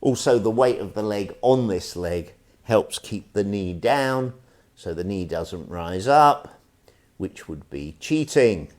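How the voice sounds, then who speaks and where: A man leading an online tai chi stretching class, calm and gentle with wry asides. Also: fairly low pitch. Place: indoors at home, live stream.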